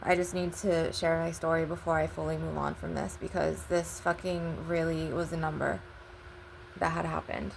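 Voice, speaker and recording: A woman's voice: low-pitched, little pitch movement, normal speed, creaky, slight background noise. A woman telling a personal story in a casual, rambling way. She swears often and retells conversations with "I'm like" and "he was like.". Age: adult. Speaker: channel host.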